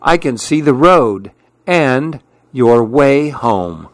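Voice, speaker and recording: A man voicing a gentle, curious and dreamy male mouse in a storybook reading, in a wondering, easygoing way. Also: medium pitch, expressive, slow, no room sound, studio quality. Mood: delighted.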